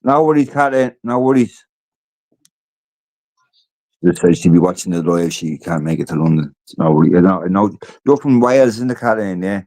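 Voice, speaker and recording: An Irish man with a low voice chats on a podcast. He talks in a relaxed way, repeats himself, and acts out what other people said. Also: normal speed, no room sound. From Ireland. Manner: conversational, repeats himself, acts out quoted lines. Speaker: podcast co-host. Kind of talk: casual chat.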